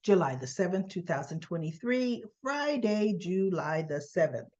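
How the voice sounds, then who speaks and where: A woman's voice: fairly low pitch, very animated, darkish tone, highs cut off. A woman hosting a daily soap opera recap, chatting casually and acting out the characters' lines. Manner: chatty, acts out characters' lines in quick voices.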